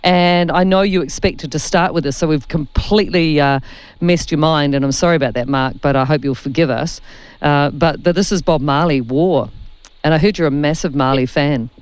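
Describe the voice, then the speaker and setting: A New Zealand woman hosting a radio interview, chatty and quick to laugh along. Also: low-pitched, smooth, no echo. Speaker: radio host.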